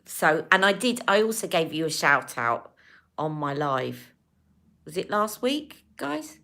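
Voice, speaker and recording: A woman hosting a beauty livestream, talking straight to her viewers. Her voice sits a little low. Her talk rambles in a chatty, affectionate and emotional way, as she speaks into a phone or webcam. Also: very animated, measured pace, gravelly, sharp tone. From United Kingdom. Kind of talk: casual livestream chat with viewers.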